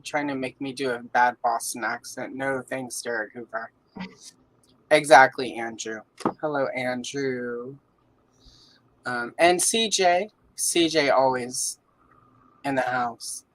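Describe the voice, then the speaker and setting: Speaking slowly with long pauses, a very deep-voiced Southern woman chats casually on her livestream as she colors, welcoming viewers by name. Her streaming mic picks up no echo, but the recording is rough.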